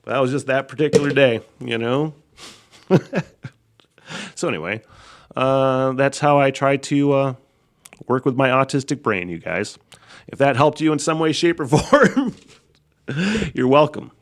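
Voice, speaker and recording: A man talks through his own podcast in a loose, unscripted monologue that is full of swearing. He laughs often and jumps between sudden loud outbursts and low muttering. His voice sits at a mid pitch for a man. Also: measured pace, pauses often. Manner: profane, rambling, laughs often, swings loud to quiet. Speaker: podcast host. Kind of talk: casual solo podcast monologue.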